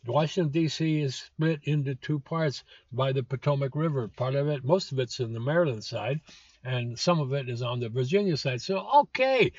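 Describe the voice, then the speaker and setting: A man's voice: fairly high pitch, no room sound. A man in his seventies hosting a political commentary show, blunt and scornful, with lots of "uh" fillers. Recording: dull lo-fi dry recording.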